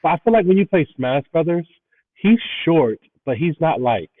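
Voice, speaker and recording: A man's voice: fairly high pitch, big pitch swings, normal speed. A man co-hosting a casual movie review podcast, easygoing and thinking aloud as he talks. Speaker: podcast co-host. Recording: tinny phone-like line.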